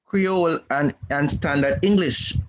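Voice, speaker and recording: A man reading a question from the chat aloud to a teacher, hesitant, with frequent pauses. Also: a little high, a little hiss or hum.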